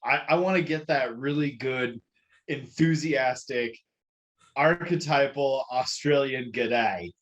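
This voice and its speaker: A man co-hosting a casual podcast, explaining things in a measured way with a lot of ums and restarts. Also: mid-range voice, fairly bright tone, dull audio. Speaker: podcast co-host.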